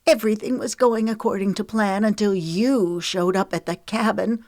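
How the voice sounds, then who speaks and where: A woman voicing a spiteful middle-aged villainess with a raspy, grating voice in an audiobook. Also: mid-range voice, fairly even intonation, moderate pace, a little mellow, dry recording, clean studio sound, voice pushed up, close to an everyday voice. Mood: furious. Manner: taunting, venomous. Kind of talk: audiobook character reading.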